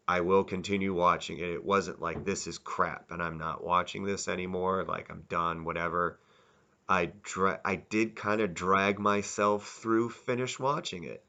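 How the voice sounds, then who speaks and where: Low bright-voiced man rambling a review. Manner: rambling, self-correcting, candid. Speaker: video reviewer. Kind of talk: casual spoken review.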